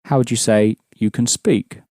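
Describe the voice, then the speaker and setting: A man's voice: mid-range voice, steady tone, normal speed, warm tone, dry recording, studio quality. A man teaching a language lesson, explaining patiently and prompting his students with questions.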